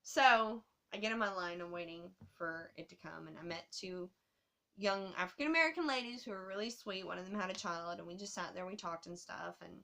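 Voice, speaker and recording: A woman telling a travel story to her camera in a casual, animated way, swearing often. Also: lowish voice, brisk, gravelly.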